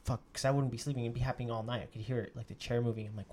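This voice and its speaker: A young man casually telling a story, swearing a lot and acting out the quotes of others with sudden jumps in his voice. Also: very fast. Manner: animated, profane, acts out quotes with sudden pitch jumps.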